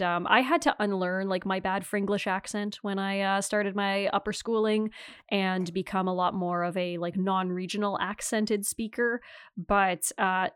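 A woman's voice: mid-range voice, fairly bright tone, clean tone, no room sound. Canadian lady in her 30s hosting a podcast, chatty, laughs a lot, dry close sound. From Northern Ontario, Canada. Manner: chatty and self-deprecating, laughs often. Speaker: podcast host. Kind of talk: casual chat.

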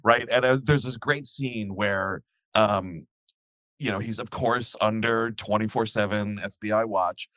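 A man's voice: lowish voice, unhurried, no room sound. A man in casual podcast chat, rambling and acting out scenes as he retells them. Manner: rambling, animated, acts out scenes while retelling. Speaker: podcast co-host.

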